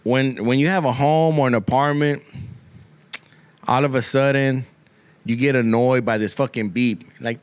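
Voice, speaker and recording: A man's voice: medium pitch, normal speed. A man hosting a podcast, riffing through a rambling, profane comic monologue and dropping Spanish slang into his English. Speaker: podcast host. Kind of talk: comedic monologue.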